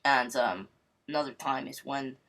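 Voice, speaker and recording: A man's voice: medium pitch, normal speed, vocal fry, bright, forceful tone. Rambling joking young man reviewing a game. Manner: rambling, joking, full of "I mean, you know"; wisecracking, irreverent. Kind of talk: casual game review voice-over.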